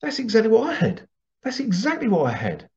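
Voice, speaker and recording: A man doing a woman gripped by sudden recognition, her voice pushed up high and gravelly as she insists again and again. It comes through a dull, lo-fi recording. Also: wildly swooping pitch, a little fast, full character voice. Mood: astonished. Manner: breathless, insistent, repeating itself. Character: excited middle-aged woman recognizing a shared memory.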